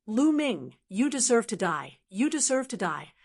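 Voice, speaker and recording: Woman doing a furious vengeful leader guy, roaring threats, pitched up. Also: very animated, unhurried, exaggerated voice.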